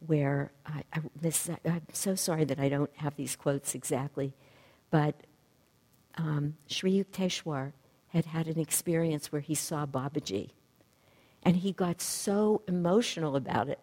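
A woman teacher gives a spiritual talk in a low, warm, mellow voice. She is reflective and now and then gropes for the right word. Her voice carries a long, echoing reverb. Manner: reflective, searching for words.

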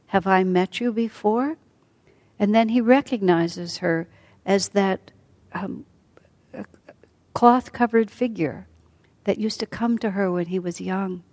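A woman teaching a class as a storyteller, speaking softly and often sinking to a near whisper. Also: mid-range voice, slow. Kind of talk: storytelling lesson.

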